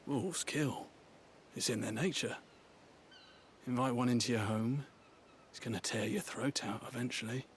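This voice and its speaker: A man's voice: medium pitch, normal speed, pauses often, slight background noise, close to an everyday voice. A man playing a weary, sardonic gravedigger. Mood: dry. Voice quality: calm, dry and sardonic. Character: weary cynical male gravedigger in service.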